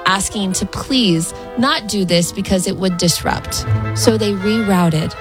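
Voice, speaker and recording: A woman co-hosting a morning radio show from a studio, chatty and excitable as she tells stories. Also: mid-range voice, a little slow, music in the background. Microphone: studio microphone.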